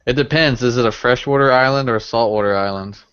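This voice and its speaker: A man co-hosting a casual fishing live stream, quick and eager. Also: mid-range voice, a bit bright, clean tone. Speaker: fishing channel host. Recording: muffled stream audio.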